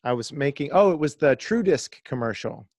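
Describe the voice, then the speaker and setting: Male podcast guest, lively storyteller, mid pitch, dry close mic. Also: moderate pace, dry recording. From Kansas, USA. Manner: animated storyteller, laughs often. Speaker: guest, disc golf video creator. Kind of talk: casual podcast chat, storytelling.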